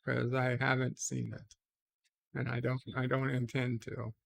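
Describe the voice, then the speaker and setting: Slow-talking man reading chat aloud. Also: medium pitch, flat delivery, vocal fry, fairly bright tone. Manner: reads chat comments aloud and replies offhand, frequent "uh" hesitations. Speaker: livestream host reading viewer chat. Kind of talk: casual late-night live stream chat.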